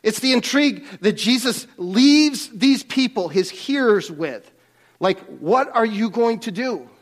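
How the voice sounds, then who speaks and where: A man's voice: extremely high pitch, lively intonation, measured pace. A man preaching a sermon as pastor, emphatic and earnest, rising on key points and often restarting his words.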